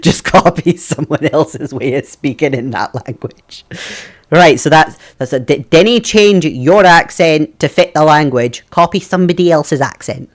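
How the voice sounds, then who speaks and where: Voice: mid-range voice, lively intonation, measured pace. A streamer chatting casually with viewers from a computer desk at home, laughing often between remarks. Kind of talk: casual live-stream chat.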